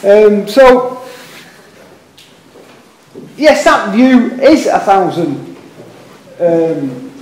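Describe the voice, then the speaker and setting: An older Englishman with a Liverpool accent gives an impassioned speech at a public meeting, earnest and a little rambling, pausing for wry asides about himself. His voice sits unusually high for a man, with big pitch swings, drawn-out words, long pauses, and a slightly mellow quality. A strong echo from the hall carries through the recording.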